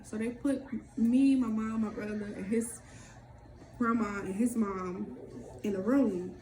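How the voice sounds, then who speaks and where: A woman telling a personal story in casual talk, candid and swearing freely, acting out what others said in quick lively bursts. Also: on the high side. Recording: echoey room with faint background noise.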